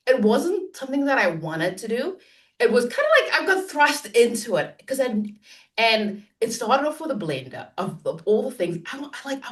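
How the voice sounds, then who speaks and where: A woman on a panel telling her own story, animated, laughing and acting out the voices in it. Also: on the high side, distant mic. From Africa. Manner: animated, laughing, acts out dialogue.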